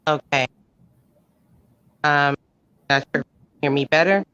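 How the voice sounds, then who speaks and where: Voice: mid-range voice, a little slow, sharp tone, clean tone, no room sound. Hesitant defense attorney on a dry call. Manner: hesitant, filler-laden. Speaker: defense attorney in a mock trial. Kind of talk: courtroom talk on a video call. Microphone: video call. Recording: muffled, dry call audio.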